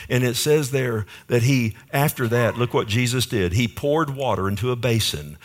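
Conversational male preacher asking his listeners questions. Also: fairly low pitch. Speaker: pastor. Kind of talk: sermon.

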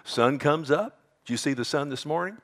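A middle-aged man preaching a sermon as pastor, animated, jumping up to a high mocking voice when he quotes scoffers. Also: normal speed.

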